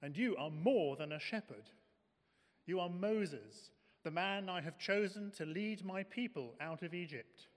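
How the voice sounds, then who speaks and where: A man's voice: high voice, animated, a little slow. A man reading aloud, voicing God as a firm, solemn and reassuring presence. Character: commanding yet reassuring male God. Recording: echoey hall.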